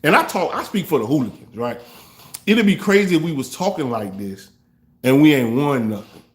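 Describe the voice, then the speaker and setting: A man hosting a fan reaction show, trash-talking rival fans in a loose, animated way. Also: fairly high pitch. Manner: trash-talking, animated, African American Vernacular English grammar. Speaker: sports fan show host.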